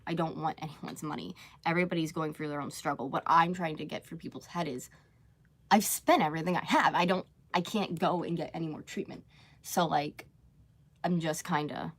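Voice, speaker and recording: A young woman talking candidly to viewers on a live stream, rambling with many fillers and restarts. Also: low voice.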